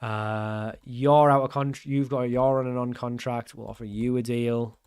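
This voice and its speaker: A man's voice: medium pitch, steady tone, unhurried, darkish tone, clean tone, dry recording, studio quality. A young man giving casual gameplay commentary, thinking aloud in a puzzled, self-mocking way as he works through his choices. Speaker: gaming channel host.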